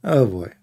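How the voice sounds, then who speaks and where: A man, talking in a casual, emphatic monologue and telling stories with lots of repetition. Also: mellow. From Middle East. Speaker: online commentator.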